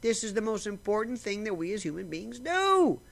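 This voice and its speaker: A man with a bright, forceful voice that leaps up and down as he talks. He rambles and restarts his sentences in a casual monologue to camera, sipping coffee now and then. It was recorded in a bare-bones home setup, and his voice sits a touch higher than most men's. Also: moderate pace, vocal fry. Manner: rambling and animated, frequent restarts; slurps coffee while talking. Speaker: vlogger.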